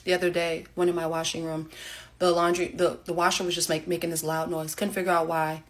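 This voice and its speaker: A woman telling a sarcastic, animated story straight to the camera in a casual monologue. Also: on the low side, fairly quick.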